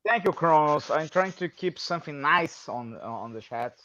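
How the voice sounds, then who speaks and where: Excitable high-voiced man hosting a stream. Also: moderate pace, dry recording, dull audio. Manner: excitable, bursts loud when teasing. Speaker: stream host. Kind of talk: casual group chat on a stream.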